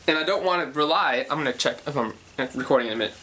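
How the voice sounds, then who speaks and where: A young songwriter casually explains how he writes a song, thinking aloud and correcting himself along the way. His voice is a little high and sharp, quick in pace, with slight background noise.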